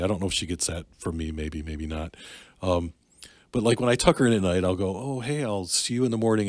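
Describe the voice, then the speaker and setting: A middle-aged man from Michigan telling a personal story in casual talk, candid and halting, with many fillers and restarts. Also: low voice, dry recording, clean studio sound. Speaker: podcast guest, Navy and Army veteran.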